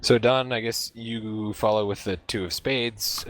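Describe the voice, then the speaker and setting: A young man runs a tabletop role-playing game, his voice a touch low. He narrates in a loose, rambling way, full of fillers and restarts. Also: fairly even intonation, unhurried, a bit bright. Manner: rambling, filler-heavy storytelling. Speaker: game master.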